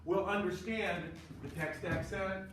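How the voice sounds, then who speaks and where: A man's voice: high voice, steady tone, unhurried, background noise. A man teaching a choral conducting class, lecturing emphatically with sarcastic asides. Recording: echoey room, distant mic.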